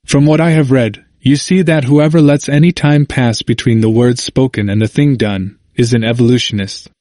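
Man reading a sermon out loud, earnest, lots of pointed questions, mid pitch, dead dry sound. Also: fairly even intonation, normal speed, no echo. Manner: earnest, emphatic, rhetorical questioning. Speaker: sermon reader. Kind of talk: read-aloud sermon.

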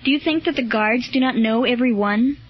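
A woman's voice: fairly high pitch, a little fast, breathy edge. A woman reading the part of a male Roman soldier, speaking firmly and solemnly. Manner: firm, solemn. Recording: dull lo-fi recording.

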